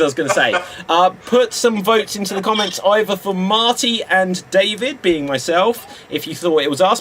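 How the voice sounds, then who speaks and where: High, bright-voiced improv host. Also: male voice, a little hiss or hum. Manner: giggly, announcing time calls. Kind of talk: live-streamed improv hosting.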